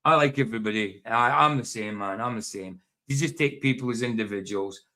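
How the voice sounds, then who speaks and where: A man speaks with a broad Doric accent from Scotland's northeast. His voice sits at an ordinary middle pitch, and he chats loosely, laughing often and repeating phrases as he goes. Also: fairly quick, bright, forceful tone. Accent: Doric Scottish. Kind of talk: casual chat.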